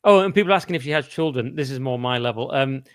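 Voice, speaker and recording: A man's voice: mid-range voice, animated, fast, clean tone, no echo, studio quality. A tired young man hosting a casual live stream, jokey and self-deprecating. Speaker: livestream host.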